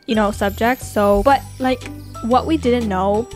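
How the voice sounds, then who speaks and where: Teen girl, tired gameplay commentator, rambling and self-deprecating, slightly high voice, soft music behind. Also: unhurried. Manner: chatty, rambling and self-mocking. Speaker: gaming YouTuber.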